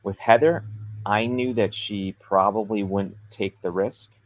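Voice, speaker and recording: A man hosting a livestream, giving business advice in an energetic, emphatic and persuasive coaching manner. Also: fairly low pitch, measured pace, no room sound. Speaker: author coach and show host.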